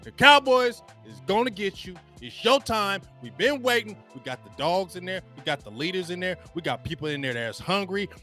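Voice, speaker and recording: A man on a sports talk show, riled up and ranting in a tense, bright voice. He speaks somewhat high, loops his phrases and leans on slang. Faint music plays behind him. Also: big pitch swings, moderate pace, few pauses. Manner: hyped, repetitive, slangy, chant-like calls. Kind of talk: excitable sports talk rant.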